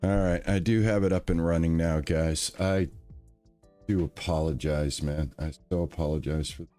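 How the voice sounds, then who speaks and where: A man chatting casually on a live stream, relaxed and thankful, with lots of fillers and restarts. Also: low-pitched, moderate pace, faint music behind.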